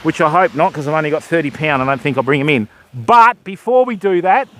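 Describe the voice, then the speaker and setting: A man's voice: fairly high pitch, expressive, fairly quick. An older Australian man hosting a fishing livestream from a beach, chatting casually and greeting viewers as mate and bud while he rigs and casts. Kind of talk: casual live-stream chat while fishing. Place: beach by the surf, outdoors.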